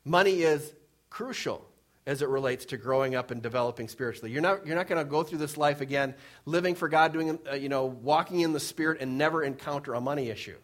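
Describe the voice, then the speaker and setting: A male pastor preaching a sermon, reading scripture and explaining it, swinging between emphatic rises and soft, low drops. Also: fast.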